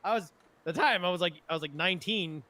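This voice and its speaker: Young guy talking fast n cursing constantly, kinda high voice, rambly stories. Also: bright, forceful tone. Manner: rambling, profane storytelling. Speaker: podcast co-host. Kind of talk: casual banter among friends.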